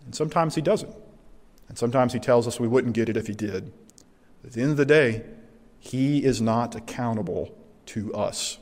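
A man preaching a sermon as a pastor, earnest and emphatic, slowing down to drive home his key points. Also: mid-range voice, darkish tone. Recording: long hall reverb.

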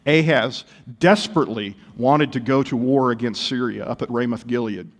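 Male pastor giving a sermon, lively wry storytelling, big echoey hall. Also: medium pitch, moderate pace. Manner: animated storytelling with wry humor.

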